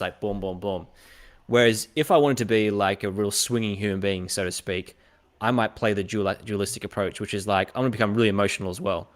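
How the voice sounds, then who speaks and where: A young Australian man on a casual podcast, telling stories and acting out other people's lines. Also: lowish voice. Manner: animated storyteller who acts out other people's lines. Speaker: podcast host.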